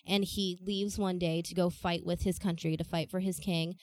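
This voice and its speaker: Woman, lowish voice, dry close sound, giggly relaxed storyteller. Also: normal speed, dry recording. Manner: laughs often, fillers, relaxed storytelling. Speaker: podcast co-host, storyteller. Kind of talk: casual history chat.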